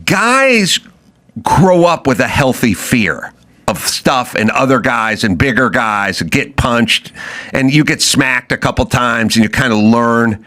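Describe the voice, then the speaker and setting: A man's voice: medium pitch, slow. A man hosting a podcast, ranting comedically and acting out the voices in his stories. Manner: animated, acts out voices, lots of fillers. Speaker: podcast host. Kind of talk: comedic opinion rant.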